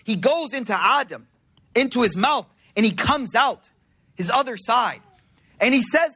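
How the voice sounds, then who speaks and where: A man's voice: sits high, very animated, moderate pace, bright, forceful tone, slightly rough. A man giving a religious talk to a congregation in a conversational, slangy storytelling way. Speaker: religious speaker.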